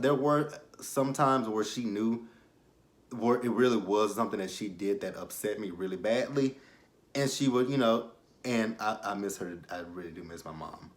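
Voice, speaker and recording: Candid young man recapping reality TV. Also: on the low side. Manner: candid, rambling, often trails off into quiet asides. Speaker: show recap vlogger.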